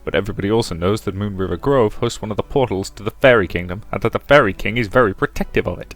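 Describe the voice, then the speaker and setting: A man voicing a wary male alchemist in a put-on American Deep South accent, grumbling and skeptical. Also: fast talker, soft background music, lightly acted.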